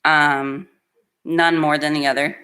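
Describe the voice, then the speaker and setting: A woman with a low voice delivers a sermon in a church. She reads scripture and then speaks from the heart, earnest and plainspoken, letting emotion show. She sounds middle-aged. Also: little pitch movement, takes it slowly, bright, forceful tone. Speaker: preacher.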